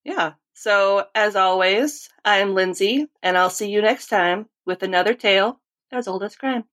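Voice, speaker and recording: A woman hosts a podcast and chats casually with her guests. Her voice is bright and crisp, and she tells stories in a rambling, chatty way. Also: medium pitch, unhurried. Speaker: podcast host. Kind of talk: casual chat.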